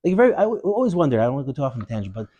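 Quick, animated man teaching a Torah lesson. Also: medium pitch, dry recording. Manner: digressive, animated storyteller.

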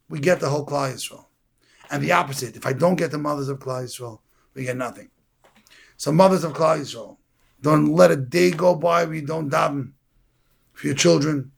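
Man, sermon, storytelling, slightly high voice, gravelly, husky. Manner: animated storytelling, acts out the characters. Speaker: preacher.

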